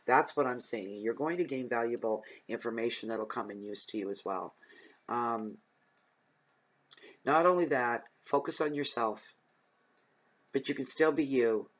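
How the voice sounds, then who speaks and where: A man's voice: mid-range voice, measured pace, pauses often, a bit bright, rough recording. A man giving a general tarot reading, talking straight to his listeners in an earnest, rambling way with frequent ums. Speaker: tarot reader.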